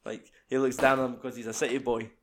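A man's voice: mid-range voice, little pitch movement, fast, a bit bright, slight background noise. A young man chatting casually about a film, rambling and swearing as he retells scenes. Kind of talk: casual film review chat.

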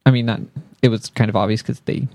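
A man's voice: medium pitch, fairly even intonation, fast, darkish tone, dry recording. A man co-hosting a casual podcast chat, playful and easygoing. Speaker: podcast co-host.

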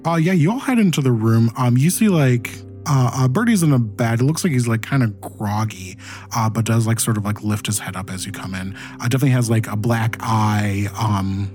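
A man running a tabletop game, his narration halting and dotted with fillers. His voice sits at an ordinary middle pitch, with faint music playing behind him. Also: darkish tone. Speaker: game master.

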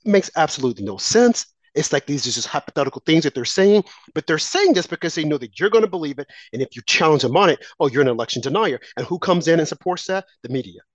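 Talking fast with barely a pause, a very animated political commentator at medium pitch rails through a passionate monologue full of repeated phrases, rhetorical questions, and mocking quoted asides about opponents. The recording is echo-free, lo-fi, and slightly dull.

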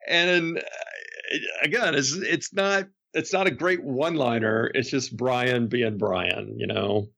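A man's voice: mid-range voice, slow, creaky, sharp tone. Guy on a podcast telling old stories, rambly, laughs a lot, restarts his sentences. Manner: rambling, chuckling, many restarts. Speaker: podcast guest. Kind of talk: casual anecdotal storytelling.

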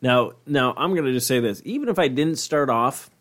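A man's voice: mid-range voice, lively intonation, normal speed, fairly bright tone. A man co-hosting a podcast in rambling, profane casual chat. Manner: rambling, profane, full of fillers. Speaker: podcast co-host.

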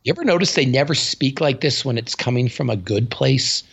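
A man co-hosts a podcast in casual chat. His voice is gravelly and a bit husky, and the recording is dull and lo-fi. He talks bluntly and tells animated stories, with some swearing. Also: medium pitch, brisk. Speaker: podcast co-host.

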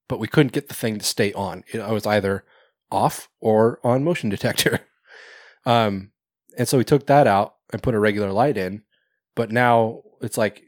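A man's voice: on the low side, no echo, studio quality. A man hosting a podcast in casual chat, rambling, swearing and laughing often. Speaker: podcast host.

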